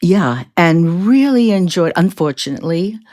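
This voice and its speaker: A woman's voice: lowish voice, expressive, normal speed, a little mellow. An older woman from Brooklyn, a guest reminiscing candidly in an interview. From Brooklyn, New York. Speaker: guest, psychotherapist. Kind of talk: casual interview talk.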